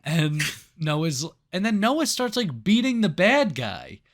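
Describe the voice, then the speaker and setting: This man speaks at a high pitch and a slow pace as co-host of a casual movie review podcast. He swears freely and acts out scenes with animated voices while retelling them.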